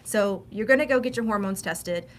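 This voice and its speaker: A woman's voice: mid-range voice, moderate pace, a little hiss or hum. A woman with a Texan accent, a sex coach talking frankly and confidently as a guest on a casual show. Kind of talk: casual interview talk.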